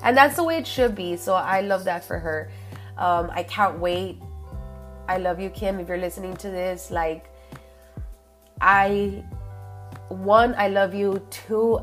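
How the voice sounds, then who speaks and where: Young woman, podcast host, chatty casual chat, low-pitched, soft music behind. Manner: chatty, gushing, drops Spanish phrases into English.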